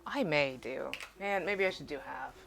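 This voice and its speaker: A woman's voice: low-pitched, moderate pace, vocal fry. A woman streaming from her home kitchen, chatting casually as she cooks, swearing freely and laughing often. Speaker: cooking streamer. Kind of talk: casual live-stream chat while cooking.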